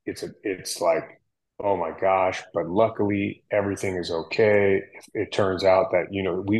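On a podcast, a male firefighter from the United States relates a story casually, his low voice full of fillers as he acts out quotes in a relaxed, lively retelling. The audio is poor.

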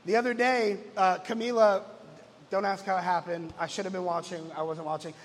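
A man's voice: high voice, steady tone, brisk, in a large hall, a little hiss or hum. A man in his thirties, the lead pastor, telling stories in a casual, joking sermon. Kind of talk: conversational sermon. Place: church.

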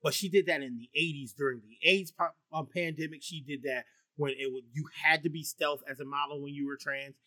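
A middle-aged man with a baritone voice, chatting casually and profanely as a podcast co-host, high and rambling with many fillers and restarts. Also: steady tone, a little fast, few pauses, sharp tone, no room sound. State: high on marijuana. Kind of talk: casual chat.

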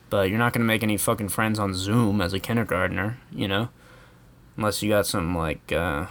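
A man's voice: on the low side, fairly bright tone. An American man ranting casually in a rambling, profane way, chuckling often. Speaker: vlogger. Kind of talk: casual comedic rant.

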